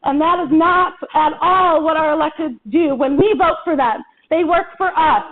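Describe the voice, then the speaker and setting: High-voiced woman rousing a rally. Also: moderate pace. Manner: impassioned, rousing, folksy with y'all. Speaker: organizer opening a town hall. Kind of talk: rally speech. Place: town hall meeting room. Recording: tinny phone-like recording.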